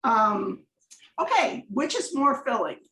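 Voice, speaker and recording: A woman with a somewhat high voice talks through slides on a video call, chatty and rambling, often drifting into personal stories. Her voice sounds roomy and echoey. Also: very animated, slow, sharp tone. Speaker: guest presenter on a coaching call. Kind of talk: conversational slide presentation.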